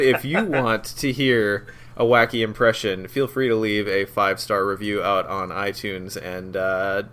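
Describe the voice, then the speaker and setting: A man's voice: medium pitch, fairly bright tone. A man hosting a podcast, upbeat and steering the casual chat along. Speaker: podcast host.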